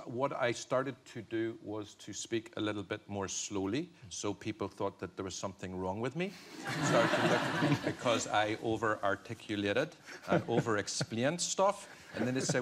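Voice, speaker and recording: A man's voice: medium pitch, moderate pace, a bit bright, slight background noise. A middle-aged man from Northern Ireland, a guest on a TV chat show, talking in a reflective way with many restarts and easy laughs. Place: television studio.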